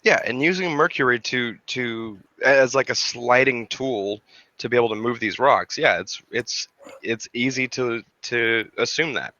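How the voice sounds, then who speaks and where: A man with a bright, forceful tone talks casually and loosely, piling up fillers and restarts and swearing now and then. The sound is dull and lo-fi. It's dry, with no room echo. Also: mid-range voice, a little slow. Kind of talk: casual chat.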